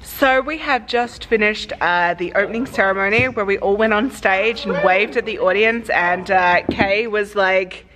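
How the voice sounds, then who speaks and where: A woman's voice: medium pitch, normal speed, hardly any pauses, over music. An Australian woman vlogging casually to camera as a cosplay guest, bubbly and giggly, a little tired. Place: busy convention venue, indoors. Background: crowd chatter.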